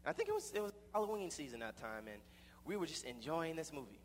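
A man's voice: on the high side, sing-song, quick pace, long reverb tail, a little hiss or hum. Rambling young man telling a story. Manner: rambling, with many repeated restarts. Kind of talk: personal storytelling.

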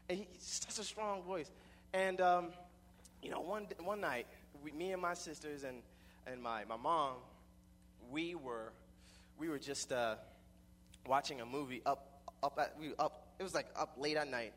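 A young man tells a personal story in a rambling way, circling back and restarting his sentences often. His voice sits a little high. It carries the long reverb of a hall, over a faint hum. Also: moderate pace, a bit bright. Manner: rambling, with many repeated restarts.

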